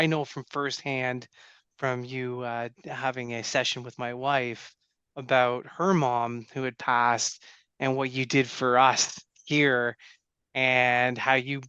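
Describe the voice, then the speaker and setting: A man asking questions in a casual interview, enthusiastic and quick to react. He restarts his sentences often and stumbles a little. The sound is dry and close, with a mid-range voice. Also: mid-range voice, bright, forceful tone, smooth, no echo, lo-fi sound.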